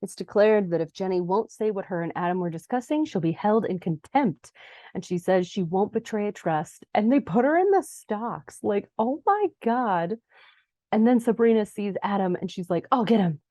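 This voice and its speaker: Young adult woman, podcast recap host; mellow, chatty, dry close mic. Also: lively intonation, normal speed, no echo. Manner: chatty, acts out quoted lines in a higher voice. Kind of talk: casual recap narration.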